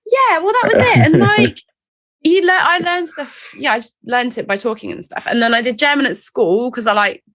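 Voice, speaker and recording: A woman's voice: on the high side, big pitch swings, brisk, a bit bright. Chatty self-mocking woman. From England. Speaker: guest. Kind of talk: casual interview chat.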